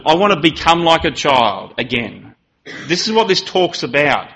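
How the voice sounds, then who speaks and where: A man's voice: medium pitch, bright, forceful tone, poor audio. A man giving a sermon to a congregation, telling stories and acting out children's voices. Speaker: preacher.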